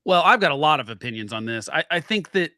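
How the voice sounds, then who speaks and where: A man's voice: on the high side, expressive, fast, crowd noise. A man co-hosting a political talk show, arguing his point and cutting in on the others. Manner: argumentative, interrupts, talks over others. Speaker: co-host.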